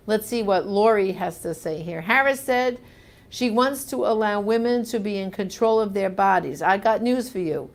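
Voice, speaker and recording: A woman's voice: mid-range voice, normal speed. A woman hosting a live show, reading viewer comments and answering them in an emphatic, conversational way.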